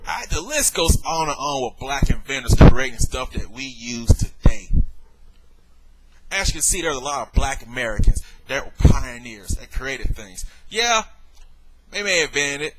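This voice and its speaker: A man's voice: mid-range voice, lively intonation, normal speed, background noise. A man in a video rebuttal, worked up, lecturing and exasperated as he speaks straight to the viewer. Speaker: vlogger.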